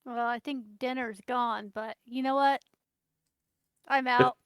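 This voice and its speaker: A woman's voice: a little high, steady tone, slow, smooth, no room sound. A woman playing a tabletop game in character, casual and playful. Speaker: player. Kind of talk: casual role-play in character.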